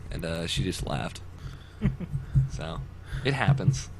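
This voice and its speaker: A man's voice: low-pitched, slow. A man hosting a podcast, chatting casually over a video call and telling stories with plenty of laughs. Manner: animated storyteller, laughs often. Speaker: podcast host. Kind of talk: casual chat. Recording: noisy online call audio.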